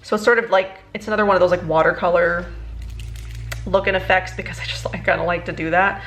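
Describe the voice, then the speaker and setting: A young woman, a beauty vlogger, chatting casually through a makeup tutorial, rambling and halting, emotionally worn out. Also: lowish voice, fairly even intonation. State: emotionally exhausted.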